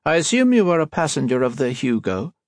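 A man voicing a stern, commanding woman submarine captain with a slight unfamiliar accent, in formal, measured speech. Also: fairly high pitch, very animated, a little mellow, no room sound, studio quality, voice pushed up.

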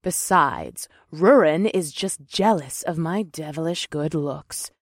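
A male narrator plays a red-skinned half-demon woman with a sharp tongue in this storybook reading. She speaks in a commanding, sarcastic tone, raised well above a man's usual pitch. The sound is close and dry. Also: expressive, slow, dry recording, exaggerated voice. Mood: mocking. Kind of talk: audiobook narration.

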